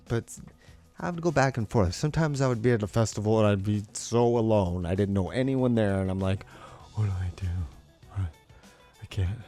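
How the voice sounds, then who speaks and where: A man, a live painter, talking in a rambling, animated way and acting out quotes in high voices. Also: gravelly. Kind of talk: casual monologue.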